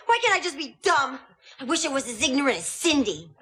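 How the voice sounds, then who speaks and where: An actress playing a dramatic, panicky teenage daughter with quick, melodramatic delivery. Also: female voice, high-pitched, sing-song, very noisy.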